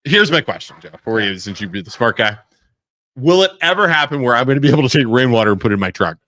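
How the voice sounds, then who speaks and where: A man co-hosting a live talk show in a studio, excitable and joking in casual banter. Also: medium pitch, no echo. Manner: excitable, quick to laugh and joke. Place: radio studio.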